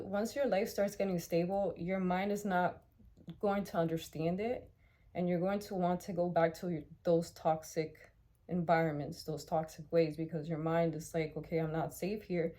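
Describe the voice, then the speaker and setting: A young woman speaks straight to her viewers in a personal vlog, raw and heartfelt, with frequent restarts and casual swearing. Her voice is low-set and mellow. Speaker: vlogger. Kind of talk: candid personal vlog talk.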